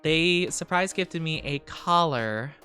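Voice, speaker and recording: A woman's voice: sits low, lively intonation, slow pace, bright, forceful tone, soft background music. A woman streamer chatting casually with her live chat, giggling often and trailing off with fillers.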